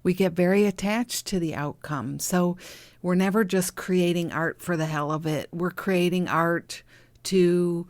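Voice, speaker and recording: A middle-aged woman hosting a podcast, talking gently and encouragingly about healing, with soft whispered asides. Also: lowish voice, steady tone, unhurried, dry recording. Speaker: podcast host, healing coach. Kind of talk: reflective spiritual talk.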